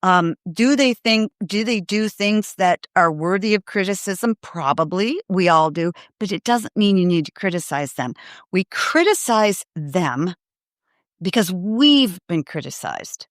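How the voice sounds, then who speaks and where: A middle-aged woman with a fairly low voice hosts a parenting show. She speaks earnestly and emphatically, addressing parents directly. The sound is close and dry, with no room around it. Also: lively intonation, a little slow, no echo. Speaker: parenting podcast host. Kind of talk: live Q&A advice talk.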